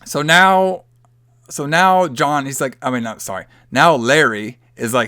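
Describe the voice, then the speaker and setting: A man's voice: fairly high pitch, a little slow, pushed and bright, clear, resonant tone, dry recording, clean studio sound. A man hosting a podcast, loosely and profanely retelling a movie plot in casual chat. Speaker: podcast host.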